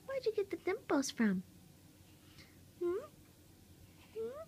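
A new mother cooing to her newborn at home in soft, often whispered baby talk. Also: very high voice, wildly swooping pitch, slow, pauses often, slight background noise.

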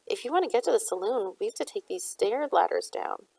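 Brief: woman reader as a scrappy teen boy, cocky and teasing, gravelly edge. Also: mid-range voice, lively intonation, brisk, dark tone, dry recording. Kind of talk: audiobook character voice.

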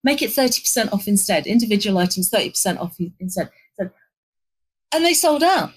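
A middle-aged woman, telling an animated work anecdote in an interview and acting out the lines of the people in it. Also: medium pitch, a little fast, slightly rough, poor audio. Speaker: interview guest, agency executive. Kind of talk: conversational storytelling.

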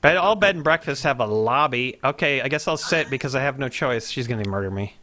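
A bright, forceful voice from a gamer streaming a playthrough live. The talk is loud and exclaiming, full of reactions to what happens on screen. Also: medium pitch, expressive, a little fast.

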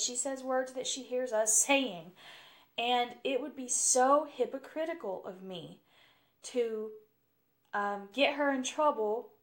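A woman's voice: high voice, a bit bright. A young woman hosting a podcast alone, talking frankly and casually, with frequent laughs and lots of "you know". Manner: chatty and frank, laughs often, says "you know" a lot. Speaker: podcast host. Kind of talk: casual solo podcast talk.

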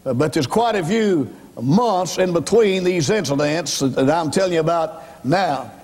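In a big-room sound, a man with a slightly high, slightly mellow, breathy voice speaks expressively and a little slowly. An evangelist, he preaches his testimony as dramatic storytelling, acting out voices and emphatically addressing the congregation directly.

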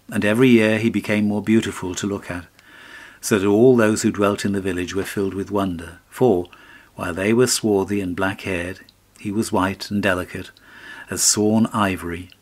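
A man reading a fairy tale aloud as an audiobook narrator, in a measured storytelling manner. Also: lowish voice.

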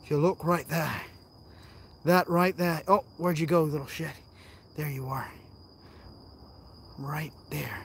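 A man's voice: fairly high pitch, fairly even intonation, slow, vocal fry, long pauses, slightly rough. A man vlogging while he explores outdoors, joking around and talking straight to his viewers as he films on a handheld phone. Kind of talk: casual vlog commentary while exploring. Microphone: handheld phone camera.

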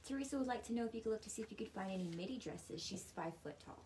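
A woman on a live sale reading out viewer questions, prices and order codes in a brisk way. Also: medium pitch, animated, mellow, a little hiss or hum.

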